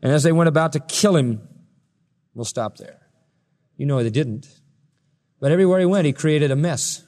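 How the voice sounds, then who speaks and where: A man's voice: a little high, normal speed, darkish tone, in a large hall. A man preaching a sermon, acting out quoted lines with a raised voice between plain explanation. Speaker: pastor.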